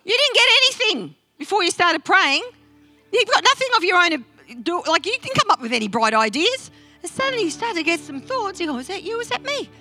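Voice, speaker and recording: A woman pastor preaching a sermon in a church, animated and talking straight to the congregation. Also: extremely high pitch, brisk, soft background music. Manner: animated, interactive preaching with acted-out quotes. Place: church service.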